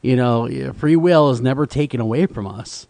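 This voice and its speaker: Male host, mid-pitched, stammers, leans on "you know", dry close-mic sound. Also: moderate pace, vocal fry, a little mellow, no room sound. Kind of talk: casual radio interview talk.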